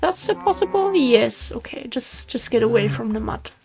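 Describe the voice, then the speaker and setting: Woman gaming host, chatty, talks to the animals, slightly high voice, faint music underneath. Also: expressive, moderate pace, creaky, a little mellow, slightly rough. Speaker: Minecraft let's play host. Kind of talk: casual gameplay commentary.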